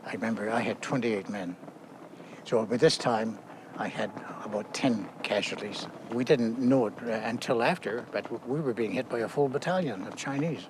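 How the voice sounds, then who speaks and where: An older man, a war veteran, recounting his memories outdoors in a halting way, with many fillers and restarts. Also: mid-range voice, noisy background.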